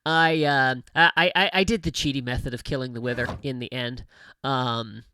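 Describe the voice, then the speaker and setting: A man's voice: mid-range voice, fairly even intonation, normal speed. Man, gaming livestream host, casual rambling chatter, chuckles a lot, mutters to himself, audible clicks and noise behind. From United States. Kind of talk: casual gameplay commentary.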